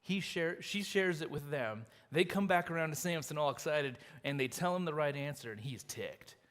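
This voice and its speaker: A man preaching a sermon as pastor, retelling a story in a lively, animated way with acted quotes. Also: on the high side, normal speed. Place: church sanctuary. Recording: long reverb of a church hall.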